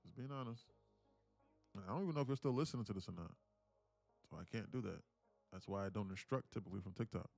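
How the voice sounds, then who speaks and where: A man's voice: fairly low pitch, fast talker, creaky, pauses often, darkish tone, faint music behind. A man day trader talking casually and bluntly on a live stream, rambling and laughing often.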